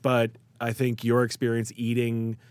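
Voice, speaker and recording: A man's voice: medium pitch, a little slow, smooth, no room sound. A man from the Chicago area, a food writer guest, chatting casually and acting out quoted voices as he tells stories. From Chicago area, USA. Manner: animated storyteller, acts out quoted voices. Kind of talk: casual interview talk.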